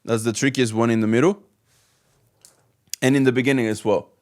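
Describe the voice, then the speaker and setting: An Arabic teacher gives a slow, step-by-step alphabet lesson, patiently repeating each letter's sound. His voice is mid-range and steady, and he talks a little fast.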